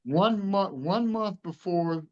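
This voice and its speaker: A man's voice: high-pitched, slow, muffled recording. Earnest storytelling man in his fifties. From Louisiana. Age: 50s. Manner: earnest, emotional storyteller who acts out quoted dialogue. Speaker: truck show director being interviewed. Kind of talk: casual storytelling interview.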